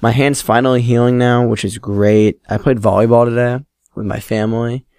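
A man's voice: mid-range voice, fairly even intonation, normal speed, darkish tone, clear, resonant tone, dry recording, clean studio sound. A man in his late teens hosting a solo podcast, telling rambling, self-deprecating stories and swearing freely. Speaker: podcast host. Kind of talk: casual solo podcast storytelling.

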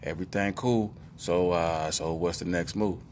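A small, timid female dog talks in a loose, slangy mutter, trying to stay cool while nervous, as a male storyteller gives her a voice. It stays close to a man's relaxed everyday voice. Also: low-pitched, normal speed, a little hiss or hum, natural voice. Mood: uneasy.

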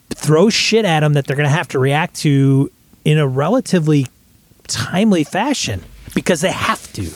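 A man's voice: on the high side, no room sound. A man chatting casually about the tabletop games he wants to run, thoughtful and rambling, with frequent restarts. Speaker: podcast co-host, game master.

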